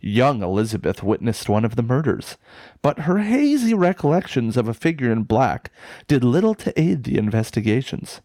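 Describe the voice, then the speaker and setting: A man chatting on a podcast, mid-pitched and close to a dry mic. He tells the story with lots of jokes and swearing and gets worked up as he goes. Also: normal speed, no echo. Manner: jokey, profane, excitable storytelling. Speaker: podcast co-host reviewing films. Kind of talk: casual podcast chat.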